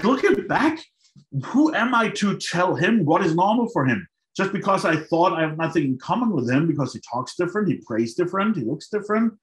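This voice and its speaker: A middle-aged man telling his own story to an audience in an animated way, acting out his past thoughts. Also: fairly high pitch. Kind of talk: personal storytelling talk to an audience. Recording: roomy hall sound.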